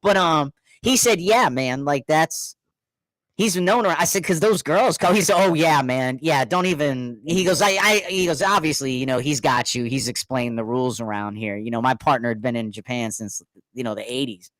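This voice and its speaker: A middle-aged man telling a story in casual chat, animated, laughing often and acting out what others said. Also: medium pitch, normal speed, dry recording. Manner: animated, laughing, repeats words, acts out quotes.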